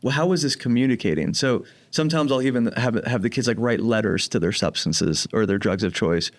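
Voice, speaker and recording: A man from New Jersey with a light New Jersey accent, a program director giving calm, jokey explanations in a podcast interview. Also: on the low side, fairly quick. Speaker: program director of teen residential treatment.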